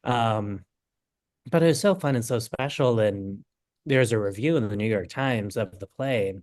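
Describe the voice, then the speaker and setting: Young adult man, guest storyteller, lively quoting of others, dry close recording. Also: on the low side, measured pace, dry recording. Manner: animated, acts out quotes with lots of "I'm like". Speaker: guest knitting designer. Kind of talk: casual interview storytelling.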